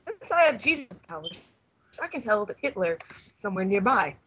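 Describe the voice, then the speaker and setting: A man's voice: sits high, very animated, fairly quick, sharp tone, muffled recording, a little hiss or hum, exaggerated voice. Young man reading a casual heroic savior. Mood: mock-solemn. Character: cheerful casual male savior, hero of a parody story.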